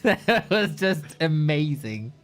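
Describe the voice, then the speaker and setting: A man's voice: a little high, sing-song, slow, fairly bright tone. A man casting a competitive strategy game, casual and playful, bantering with his co-caster and laughing often. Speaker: esports caster.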